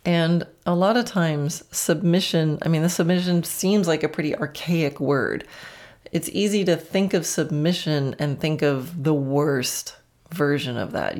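A woman's voice: low-pitched, measured pace, a little mellow. A woman hosting a solo podcast about horse training, talking in a reflective, conversational way and laughing often.

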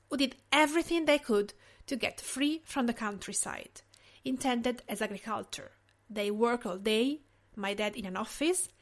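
A woman from Tuscany with an Italian accent, reading her cooking podcast in a gentle, measured way. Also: a little high. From Tuscany, Italy. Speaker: podcast host. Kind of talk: scripted podcast narration.

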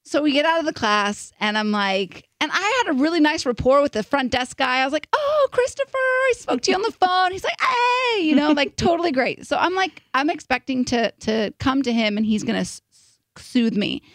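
High, chatty young woman storyteller. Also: fairly quick, no room sound, studio quality. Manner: animated, filler-heavy storytelling with "like". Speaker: podcast co-host. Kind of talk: casual storytelling chat.

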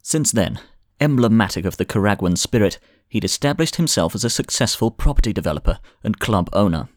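A man reads a thriller audiobook in a measured, dramatic way. His voice sits low, and the studio sound is dry and close. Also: animated, dry recording. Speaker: narrator. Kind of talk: scripted audiobook narration.

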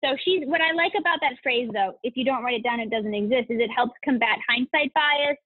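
A woman's voice: a little high, brisk, dry recording. A woman guest on a podcast, chatting casually and enthusiastically, gushing and laughing often. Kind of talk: casual interview chat. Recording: tinny phone-like line.

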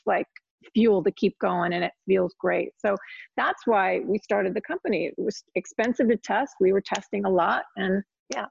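A woman being interviewed, chatting casually and quickly chiming in as she talks. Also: mid-range voice, gravelly, a little mellow, slightly rough, no echo. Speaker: guest. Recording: dry, muffled audio.

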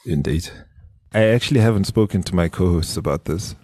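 A man co-hosting a studio podcast, his voice low and husky. He rambles loosely through ad reads and announcements, restarting sentences as he goes. The sound is dry and close. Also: fast, mellow, no echo. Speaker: podcast co-host, business strategist. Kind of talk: casual podcast chat and ad reads.

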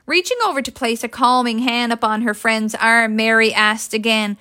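A woman reading a story aloud in a steady, expressive storybook narration. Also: on the high side, normal speed, few pauses, no room sound. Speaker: audiobook reader.

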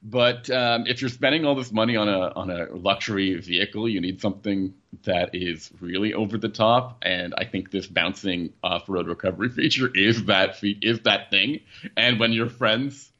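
Guy rambling about a car review, bright voice, kinda muffled lo-fi audio. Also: lowish voice, moderate pace. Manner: rambling, self-correcting, laughs at own jokes. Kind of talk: casual podcast chat.

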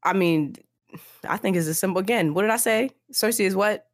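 A woman's voice: medium pitch, fairly quick, no room sound, clean studio sound. A woman co-hosting a podcast, talking casually and with emphasis about a book chapter. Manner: animated, emphatic, repeats herself. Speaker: podcast co-host.

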